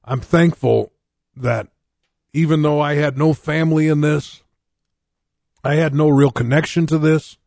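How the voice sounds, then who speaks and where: A man's voice: a little high, fairly even intonation, a little slow, gravelly, long pauses, darkish tone, no room sound. A man in his sixties, a pastor from North Dakota, giving his personal testimony in a sermon in a candid, conversational way, with frequent restarts and wry jokes at his own expense. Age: 60s.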